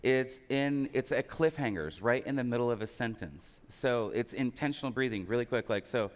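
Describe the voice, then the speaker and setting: A man with a mid-pitched voice jokes with a conference crowd from the stage and keeps asking them questions. His voice carries a long hall reverb from the big room. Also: moderate pace, hardly any pauses. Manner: joking, asks the crowd questions. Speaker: sales trainer.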